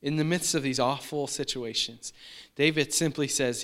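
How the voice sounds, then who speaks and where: A pastor preaches a sermon conversationally, often repeating and restarting his phrases. His voice is medium-pitched and fairly bright, at a normal speed.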